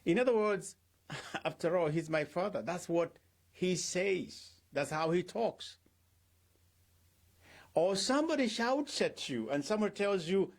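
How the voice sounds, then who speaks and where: A middle-aged male pastor giving an unhurried devotional talk, his fairly high voice swinging widely up and down. He keeps asking his listeners questions and slips into the voices of the people he quotes. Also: expressive. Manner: rhetorical questions, acts out quoted speech.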